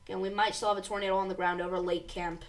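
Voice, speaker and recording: A woman's voice: medium pitch, little pitch movement, racing, distant mic. Woman giving urgent live storm coverage. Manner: urgent, reads warnings aloud, addresses viewers as you guys. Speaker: severe weather livestream host.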